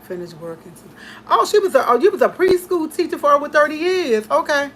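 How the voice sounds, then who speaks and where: Lady chatting away all excited, repeats herself a lot, kinda high voice, faint hiss behind. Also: a little fast. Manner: emphatic and repetitive, talks excitedly. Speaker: host. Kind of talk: casual chat.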